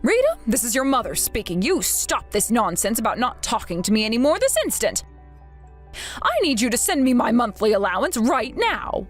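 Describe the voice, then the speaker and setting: A clingy older mother, put on by a woman, wheedles and laments in a raised, swooping voice. She is dramatic and self-pitying, the kind of grasping parent in a text story. Soft music sits far behind her. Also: fairly high pitch, sing-song, moderate pace. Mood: demanding. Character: whiny, grasping older mother begging for money.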